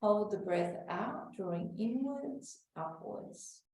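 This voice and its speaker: Female instructor, calm and steady cueing, dark mellow tone, recorded far off mic in a roomy space. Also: medium pitch, slight background noise. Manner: calm, slow cueing of breaths with soft whispered moments. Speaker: exercise class instructor. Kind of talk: guided breathing and back-care class. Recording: echoey room, voice from far off the mic.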